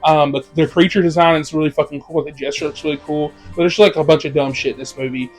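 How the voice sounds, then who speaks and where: A young man with a high voice rants through his list of bad films, cursing freely and jumping between loud outbursts and muttered asides. Faint music plays under his casual talk. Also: quick pace. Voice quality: profane, animated ranting. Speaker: movie reviewer. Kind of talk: casual ranked movie review.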